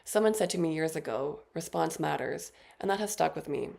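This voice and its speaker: Low, gravelly-voiced woman reading poetry. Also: lively intonation, darkish tone. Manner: measured, deliberate delivery of poems. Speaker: featured poet. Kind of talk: poetry reading with spoken introductions.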